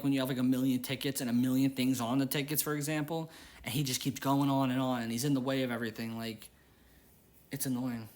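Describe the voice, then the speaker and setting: A young man hosting a game channel, rambling and exasperated as he vents about work while playing. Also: mid-range voice. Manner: rambling, exasperated, repeats himself. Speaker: gaming channel host. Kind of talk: casual gameplay commentary with venting.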